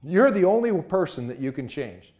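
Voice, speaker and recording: A man's voice: a little high, sing-song, moderate pace, darkish tone. A man giving a motivational talk, emphatic and full of rhetorical questions.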